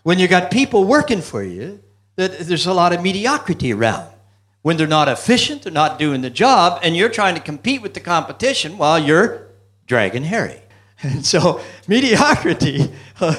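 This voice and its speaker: A man's voice: sits high, sing-song, normal speed, a bit bright. A man giving a motivational business seminar talk, telling jokes and asking the audience questions. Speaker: business speaker.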